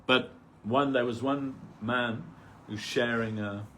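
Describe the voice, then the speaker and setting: A man's voice: medium pitch, fairly even intonation, takes it slowly, fairly bright tone, a little hiss or hum. A man giving an informal spiritual talk at a temple gathering, rambling conversationally and peppering his stories with "you know".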